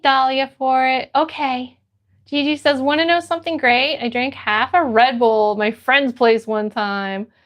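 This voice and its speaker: A woman's voice: high voice, fairly bright tone. A woman livestreamer reading her chat aloud, upbeat and greeting viewers by name.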